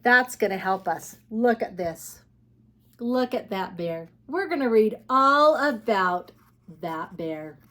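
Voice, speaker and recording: A woman's voice: mid-range voice, animated, slow pace, fairly bright tone, slight background noise. A woman teaching preschoolers and reading them a picture book aloud, in a coaxing, sing-song way that keeps asking the child questions. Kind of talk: read-aloud for young children.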